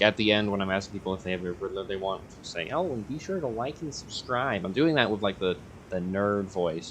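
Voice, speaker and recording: A man's voice: lowish voice, a bit bright, a little hiss or hum. A young man rambling casually in a vlog, hesitant and full of fillers and self-corrections. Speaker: YouTuber.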